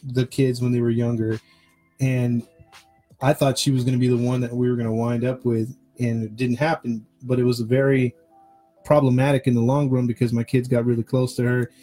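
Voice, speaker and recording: A man's voice: medium pitch, flat delivery, brisk, warm tone, faint music behind, rough recording. A man co-hosting a podcast in casual chat, talking in a rambling way with many restarts and fillers. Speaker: podcast co-host.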